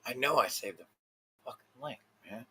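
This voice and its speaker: A man rants on his own livestream, cursing constantly as he rambles in frustration. His voice has a rough, husky grain but a bright, sharp edge to it. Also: mid-range voice, animated, normal speed. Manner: angry, swearing, frustrated rambling. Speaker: livestream host. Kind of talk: profane ranting livestream.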